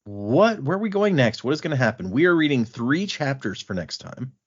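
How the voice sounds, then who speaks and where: A man hosting a podcast, chatting loosely as he recaps what happened in the chapters. His voice sits at an ordinary middle pitch. The recording sounds a little dull and lo-fi. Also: fairly quick, slightly rough. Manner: animated retelling, acting out quotes in passing. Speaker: podcast host recapping a book. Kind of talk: casual chat.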